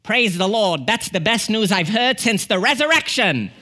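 A delighted father with a New Zealand accent exclaims his joy, as a preacher imitates him. His voice is lifted higher than usual and bright with excitement. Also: moderate pace, background noise. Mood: elated. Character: elated older father, delighted.

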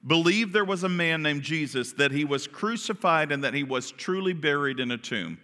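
A man preaching a sermon, telling a story dramatically, his voice swinging from hushed to loud as he acts out voices. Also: a little high, lively intonation, moderate pace. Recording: long hall reverb.

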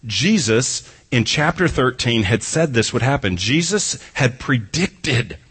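A man's voice: mid-range voice, expressive, a little slow, fairly bright tone, husky. A man preaching an expository sermon who reads a scripture passage and then explains it, driving his points home through emphatic repetition. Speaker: pastor.

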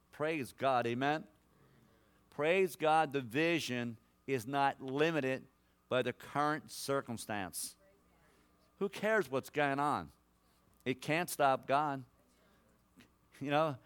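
Male guest preacher, prophetic sermon, mid-pitched voice, surges loud then drops to a hush, calls folks son and daughter. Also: smooth. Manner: emphatic, swings between loud exhortation and hushed personal words; addresses listeners directly as son, daughter, brother.

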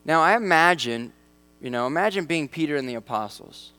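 A man preaching a sermon in a conversational way, with lively asides and acted-out voices. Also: fairly high pitch, brisk. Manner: conversational, acts out quoted voices. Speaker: pastor.

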